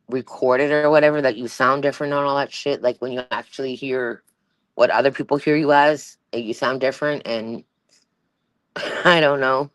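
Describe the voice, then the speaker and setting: A woman's voice: rumbling low, fairly bright tone, no room sound. A woman hosting a livestream, chatting casually in a rambling way, with many fillers and restarts and a Valley Girl-type voice. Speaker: livestream host.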